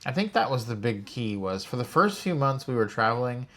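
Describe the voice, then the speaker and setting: Man calmly explaining point by point. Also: medium pitch, a little fast. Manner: steady, listing examples point by point. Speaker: co-host of a retirement travel channel. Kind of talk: casual explanatory chat to camera.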